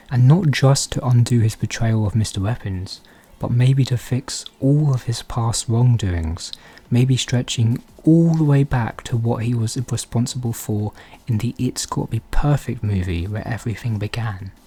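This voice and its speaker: A man hosting a fan theory channel, talking quietly and softly through a scripted commentary. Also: medium pitch, breathy edge. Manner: quiet, hushed, soft-spoken delivery.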